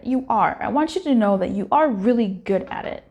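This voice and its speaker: A young woman gives a casual tarot reading, speaking straight to her viewers in a candid, chatty way while swearing and laughing. Her voice is a little high and a little mellow, animated and brisk.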